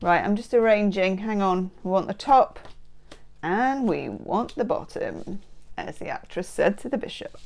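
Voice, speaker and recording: A woman's voice: mid-range voice, lively intonation, unhurried. Bubbly woman reading tarot. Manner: bubbly, exclamatory and playful. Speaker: tarot reader. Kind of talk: tarot card reading to camera. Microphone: microphone close by.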